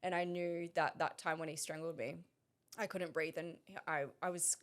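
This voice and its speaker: Interview guest: woman, slightly low voice, hesitant delivery with frequent restarts. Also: fairly even intonation. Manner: halting and hesitant, many pauses and restarts. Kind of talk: recounting a personal story in conversation.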